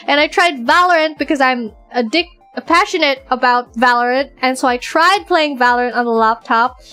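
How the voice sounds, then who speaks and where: A woman streamer chatting casually and excitedly, acting out her own side of conversations in a raised voice. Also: sits high, moderate pace, soft background music. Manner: excitable, animated, quoting others in a raised voice. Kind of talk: casual chat.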